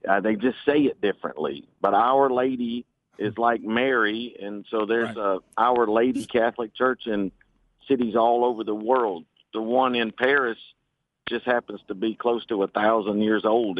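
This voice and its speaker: A man with a Southern Alabama drawl calls in to a radio show to explain things in a measured, folksy way. His voice comes through a thin, tinny phone line. It sounds dry and close, with no room around it. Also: mid-range voice, dry recording. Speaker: caller, former missionary and French teacher.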